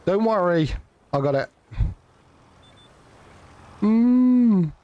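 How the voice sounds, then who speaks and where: Brief: male streamer, slightly high voice, very animated, jokey and profane. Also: very slow, highs cut off. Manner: joking, sweary, rambling with restarts. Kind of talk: casual live-stream chat.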